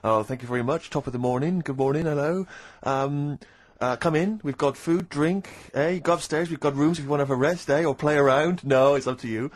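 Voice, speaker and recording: A man's voice: a little high, fairly quick, hardly any pauses, pitched below the performer's own voice, natural voice. A man voicing a cheery, pushy French tour tout who fakes an exaggerated manner. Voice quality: exaggerated fake-English patter.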